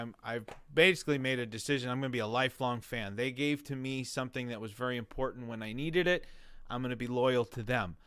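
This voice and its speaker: Man, 40s, interview guest, rambling storyteller, smooth clear voice, dry room. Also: medium pitch, no echo. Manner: animated, rambling with restarts and quoted dialogue. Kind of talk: conversational storytelling.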